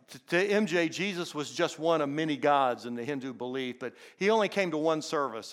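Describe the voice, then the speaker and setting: A man's voice: a little high, fairly bright tone. An older man preaching a sermon as a pastor, telling personal stories in an earnest way and often repeating words as he goes. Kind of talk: sermon storytelling.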